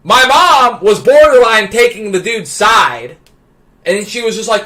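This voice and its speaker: High, bright-voiced male streamer. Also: measured pace. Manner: excitable, stammering restarts, builds to shouting. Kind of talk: animated anecdote telling.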